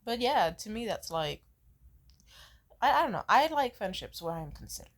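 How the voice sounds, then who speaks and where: A woman's voice: medium pitch, very animated, quick pace. A woman in her twenties telling a personal story in a casual vlog, emotional and profane as she rants. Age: 20s. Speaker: vlogger.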